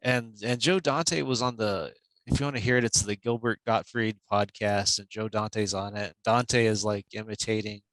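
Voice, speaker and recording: Low-voiced author chatting easily. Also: male voice, fairly even intonation, normal speed, fairly bright tone, no echo, poor audio. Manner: easygoing, chatty, many "you know"s. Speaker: author guest. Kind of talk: casual interview chat.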